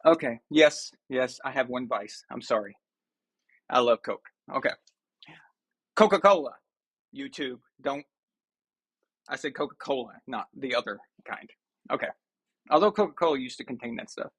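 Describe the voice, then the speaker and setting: A man's voice: medium pitch, animated, normal speed, long pauses, a bit bright, slightly rough. A man hosting a sports live stream, chatting casually and ranting with mock outrage to his viewers.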